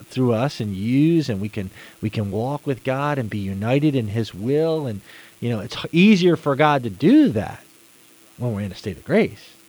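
A man's voice: mid-range voice, a little mellow, low-quality recording. A man giving an earnest religious teaching talk, often repeating words for emphasis.

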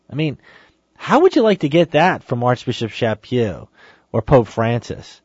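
A man delivers a spoken Catholic teaching with emphatic, exhorting conviction, his pitch swinging widely as he presses each point. He reads quoted passages aloud in the same voice. The recording is dry and slightly dull, like a lo-fi home setup. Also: big pitch swings, moderate pace, breathy edge, dry recording. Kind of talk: spoken teaching on a saint's sermon.

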